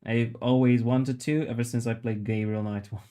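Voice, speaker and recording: A man's voice: medium pitch, level tone, normal speed, dark tone. A man streaming live as he sculpts, rambling and joking with his viewers in a casual chat and swearing now and then. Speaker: livestreamer sculpting while chatting.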